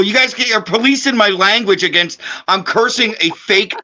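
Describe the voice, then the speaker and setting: A man's voice: high voice, normal speed, hardly any pauses, bright, forceful tone. A man appearing as a podcast guest, ranting heatedly with lots of swearing. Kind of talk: casual podcast chat.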